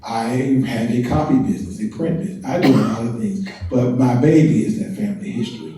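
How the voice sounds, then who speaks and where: A man's voice: mid-range voice, fast, warm tone. An older man, a family historian, talking casually to an audience as a guest speaker, chatty and joking with the crowd. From North Carolina and Washington, D.C. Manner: chatty, self-deprecating, jokes with the crowd. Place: large event hall. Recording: echoey hall, mic heard from a distance.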